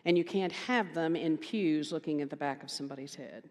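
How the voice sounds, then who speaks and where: A woman minister giving a conversational sermon, telling a story with animated quoted voices and emphatic repetition. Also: sits low, brisk. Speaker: guest minister. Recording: reverberant hall.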